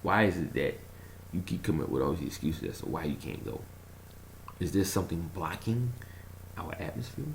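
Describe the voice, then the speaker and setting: A man with a low voice and a gravelly edge talks in a loose, rambling monologue. His pitch swings widely as he tells his stories, and he chuckles and trails off while hunting for words. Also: brisk, long pauses, slight background noise. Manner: animated storytelling, chuckles, trails off searching for words. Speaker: conspiracy vlogger.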